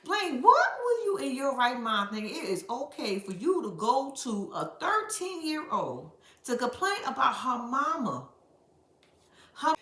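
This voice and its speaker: Lively, bright-voiced woman recapping reality TV. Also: high voice, a little slow, echoey room. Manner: animated, profane, dramatic storyteller who laughs often and addresses viewers as "y'all". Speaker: reality show recap host. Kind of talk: casual recap commentary.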